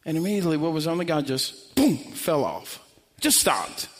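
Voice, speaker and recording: A man's voice: a little high, very animated, moderate pace, in a large hall, faint music behind. A man preaching a sermon, telling a story with acted-out quotes and building to emphatic, repeated lines.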